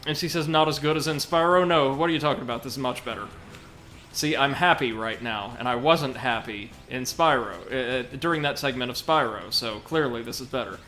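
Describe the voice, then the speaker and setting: A man's voice: mid-range voice, a little fast, pushed and bright, soft background music. A man casually commenting on a video game during a live stream, reading chat aloud with dry, sarcastic asides. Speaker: streamer and co-host.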